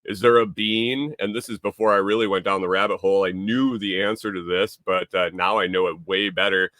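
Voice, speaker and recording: A man's voice: low voice, fairly even intonation, a little fast, pushed and bright, no room sound, clean studio sound. A man hosting a casual live stream, rambling and repeating himself, reading viewer comments aloud. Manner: reads viewer chat aloud. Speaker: livestream host.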